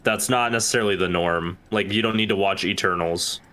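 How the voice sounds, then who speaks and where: A man co-hosting a podcast in casual chat, measured and mildly hedging. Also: deep voice, bright, forceful tone. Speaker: podcast co-host.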